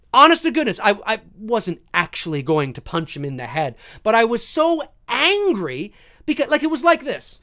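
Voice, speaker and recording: A man hosting a live stream, chatting casually with viewers and telling stories with plenty of swearing and acted-out moments. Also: sits high. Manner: animated, swears freely, acts out scenes. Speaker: live-stream host answering viewer questions.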